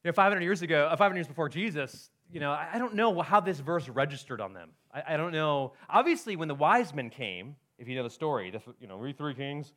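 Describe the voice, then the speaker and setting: A man's voice: on the high side, expressive, fast talker, few pauses, a bit bright. A man preaching a sermon as pastor, talking casually to his congregation, often checking in with "right?" and reading scripture aloud.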